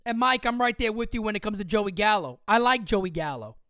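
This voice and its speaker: A woman's voice: mid-range voice, fairly quick, a bit bright, no echo, studio quality. A woman in her thirties hosting a sports livestream, ranting heatedly with profanity and repeating her points for emphasis. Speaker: livestream host. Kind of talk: sports fan rant on a livestream.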